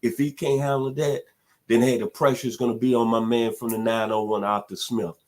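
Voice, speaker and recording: A male sports radio host breaks down the game in clipped, emphatic declaratives. His voice sits at an ordinary middle pitch, and he leans on repeated catchphrases to drive his points home. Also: level tone, fairly quick, a little mellow. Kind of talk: sports talk radio analysis.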